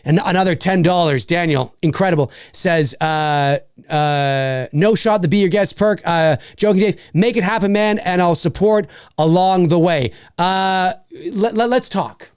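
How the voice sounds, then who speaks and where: In an excited livestream, a male host with a high, unhurried, clear and resonant voice reads out donations and thanks his backers, captured in dry studio quality. He swings between shouting and mumbling, swears a lot and stumbles through restarts.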